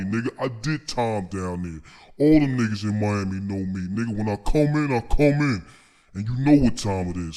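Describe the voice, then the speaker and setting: A man's voice: medium pitch, a little mellow. A man from Staten Island, delivering a boastful, confrontational, profane comic rant to the camera. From Staten Island, New York. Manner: boastful, confrontational, calls people out.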